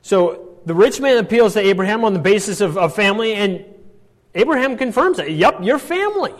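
A man's voice: high voice, lively intonation, fairly quick, in a large hall. A man teaching a Bible passage, explaining step by step and checking in often with "all right" and "right?".

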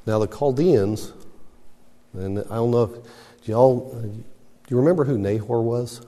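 A man's voice: medium pitch, unhurried, warm tone. A man teaching a Bible class in a conversational, emphatic way, putting questions to the class. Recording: long hall reverb.

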